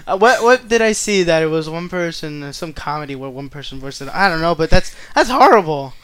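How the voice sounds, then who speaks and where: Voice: mid-range voice, expressive, fairly quick, fairly bright tone, clean tone. A speaker in casual chat, teasing and quizzing the other person playfully.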